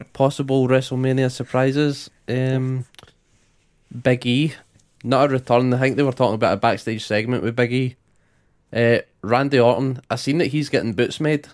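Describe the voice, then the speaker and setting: A man's voice: medium pitch, fairly even intonation, moderate pace. A man with a Scottish accent co-hosting a casual wrestling podcast, laid-back and sweary, laughing along with his co-host.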